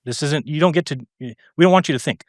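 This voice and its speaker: A middle-aged man, an interview guest, telling a long story in a casual, animated way, acting out the lines of the people in it, with many fillers and restarts. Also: fairly high pitch, quick pace, no echo, clean studio sound. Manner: animated, acts out quoted exchanges, frequent fillers and restarts.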